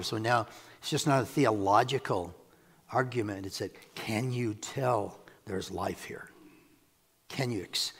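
A man preaching a sermon to a congregation, animated and quick to laugh as he paraphrases scripture. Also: medium pitch, husky, in a large hall. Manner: animated, acts out scripture quotes, laughs often.

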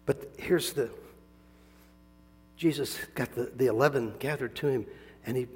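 With a mid-range voice and a measured pace, a male pastor gives a lively sermon that trails a long reverb tail. He alternates gentle asides with loud, forceful bursts, often breaking into chuckles.

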